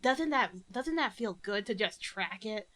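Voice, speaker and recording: A woman's voice: mid-range voice, lively intonation, unhurried, heavy background noise. A woman streamer chatting casually on a watch-along stream, rambling playfully into silly bits.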